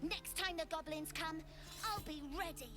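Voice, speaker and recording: A woman's voice: very high-pitched, fairly even intonation, normal speed, bright, forceful tone, soft background music. A woman voicing a small, hesitant child who is practising with a weapon in a video game.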